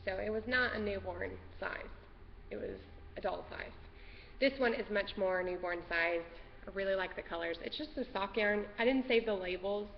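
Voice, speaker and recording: A woman's voice: medium pitch, normal speed, gravelly. A woman hosting a casual craft podcast from home, nervous and rambling, easily sidetracked. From Texas. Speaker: podcast host. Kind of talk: casual craft vlog chat. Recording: dull lo-fi sound with long reverb and faint noise.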